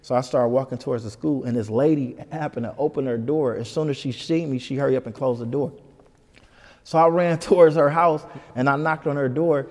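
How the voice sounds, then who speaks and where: A comedian from Detroit tells a story at a quick clip, acting out voices for the people in it. His voice is gravelly and dark in tone. The sound carries a long reverb, as if in a hard, open room. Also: medium pitch. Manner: animated, puts on voices for people in his stories. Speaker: comedian guest. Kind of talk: storytelling in a casual interview.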